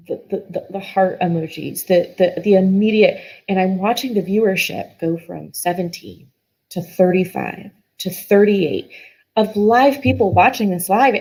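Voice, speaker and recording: A woman's voice: lowish voice, moderate pace, a little mellow, husky, poor audio. A middle-aged woman guest telling a personal story in an earnest, emotional way, often restarting her sentences.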